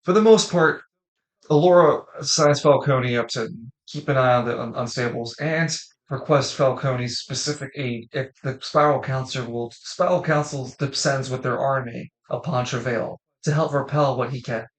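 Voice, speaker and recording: A man's voice: mid-range voice, moderate pace. A man running a tabletop role-play game as game master, narrating in a rambling way and correcting himself as he goes. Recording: echoey room.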